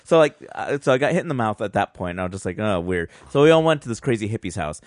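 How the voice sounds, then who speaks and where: A man co-hosting a casual podcast, spinning a long tale with lots of stops, restarts and chuckles. His voice sits at an everyday middle pitch. The sound is dry and close to the mic. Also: expressive, rapid-fire, dry recording. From Mexican heritage, grew up in US. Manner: rambling, laughing, many fillers and restarts. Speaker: podcast co-host. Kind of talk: casual storytelling.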